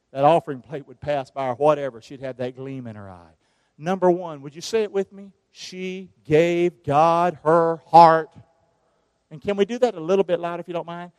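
A man's voice: fairly high pitch, mellow, dry recording. A man preaching a sermon as pastor, drawing the congregation into call-and-response. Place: church sanctuary.

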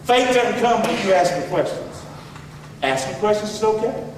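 A man with a Southern accent preaching a sermon in a folksy way, swinging between loud shouts and low asides. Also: lively intonation, moderate pace, a little hiss or hum. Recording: echoey hall, voice from far off.

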